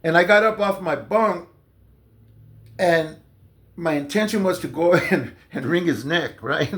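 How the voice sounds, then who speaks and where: A man's voice: on the high side, a little slow, a bit bright. A man casually telling a long personal story, loose and conversational with lots of fillers and restarts. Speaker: storyteller recounting jail experiences.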